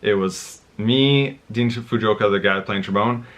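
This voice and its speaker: Male vlogger, casual storyteller, bright and punchy, slightly low. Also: measured pace. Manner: rambling, animated, many restarts and fillers.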